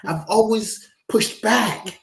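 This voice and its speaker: A male guest speaks reflectively in a conversation, expressive and animated, drifting into emotional stories. His voice is high and slow-paced, and the sound is reverberant.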